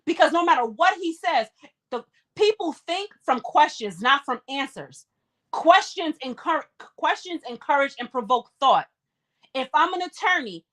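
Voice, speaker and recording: Impassioned high-pitched woman streamer. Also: fairly bright tone. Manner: impassioned, fires rhetorical questions. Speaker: commentary streamer. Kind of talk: live-stream commentary.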